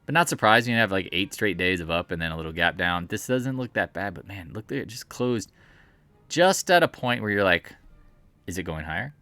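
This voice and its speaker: A man's voice: sits low, expressive, fairly quick, pushed and bright, no echo. A man giving a casual, rambling, jokey commentary while reviewing stock charts at home. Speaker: market commentator.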